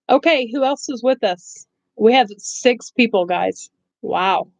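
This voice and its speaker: Unfiltered, slow-talking woman vlogger. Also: fairly high pitch, no echo, rough recording. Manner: blunt, laughs often, rambling, says she has no filter. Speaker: YouTuber live streaming. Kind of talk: casual live-stream chat. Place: bedroom at home.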